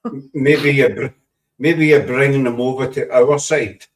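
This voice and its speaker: A man's voice: medium pitch, fairly even intonation, measured pace. A man with a Scottish accent hosting a podcast in a teasing, playful, chatty way. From Scotland. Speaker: podcast host. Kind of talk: casual chat. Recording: voice distant from the mic.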